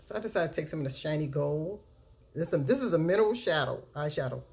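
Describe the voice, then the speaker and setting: A woman talking casually through a makeup tutorial, chatty and unhurried, now and then chanting a catchphrase. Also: deep voice, expressive, darkish tone. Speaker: beauty vlogger.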